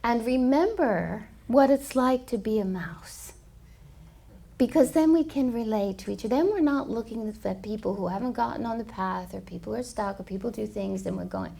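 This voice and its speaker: A woman with a gravelly, creaky texture tells a spiritual parable to a yoga studio audience. She is animated, restarts often and drifts into soft asides. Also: on the high side, normal speed. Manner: animated storyteller, many fillers. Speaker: co-host, spiritual teacher. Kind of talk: storytelling parable talk.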